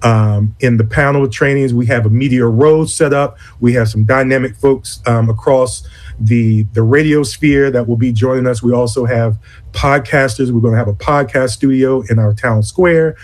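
A man of medium pitch speaks as a conference executive director in an interview. He talks deliberately and earnestly, often stopping to restart a phrase. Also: fairly even intonation, darkish tone. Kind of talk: interview conversation.

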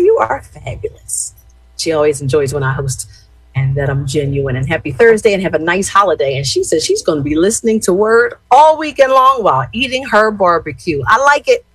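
A husky-voiced woman, chatting with her listeners as a radio host. She speaks in a mid-range pitch, animated and direct. The sound is dry and close. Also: no room sound, poor audio. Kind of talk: casual radio chat and shout-outs.

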